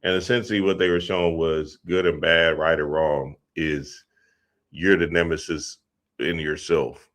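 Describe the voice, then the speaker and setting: Slow, deep-voiced man in relaxed spiritual talk. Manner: laid-back, laughing, slangy asides. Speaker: spiritual teacher and host.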